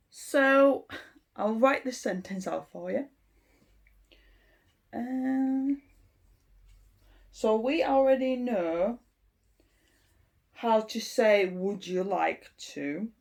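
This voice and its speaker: Slow, creaky-voiced woman teaching. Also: medium pitch, a little mellow. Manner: unhurried and explanatory, with frequent ums. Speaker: English teacher. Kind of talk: informal language lesson.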